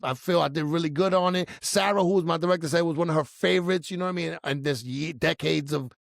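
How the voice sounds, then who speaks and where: Middle-aged man, raised voice, gravelly, casual storytelling, dry close sound. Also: on the high side, fast, no echo. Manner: animated, acts out his own past panic in quotes. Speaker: storyteller guest.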